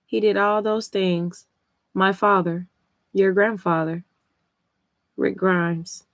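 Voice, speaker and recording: A woman reading a father's lines from a comic, soft and patient as he tells his daughter about her grandfather. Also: mid-range voice, steady tone, slow pace, dry recording. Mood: gentle. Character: grown man, gentle storytelling father.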